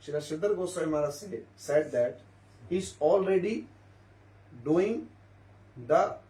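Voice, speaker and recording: A man with a high voice tells stories at a devotee gathering, repeating himself and asking the listeners questions along the way. He sounds a little far from the microphone, and the room around him echoes. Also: unhurried, mellow. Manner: repetitive, questioning listeners, storytelling. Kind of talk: informal spiritual talk. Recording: echoey room, mic at a distance.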